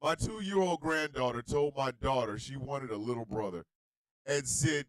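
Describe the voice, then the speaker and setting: A man hosting a comedy talk radio show, ranting in an animated, incredulous, shouting way. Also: medium pitch, unhurried, dry recording.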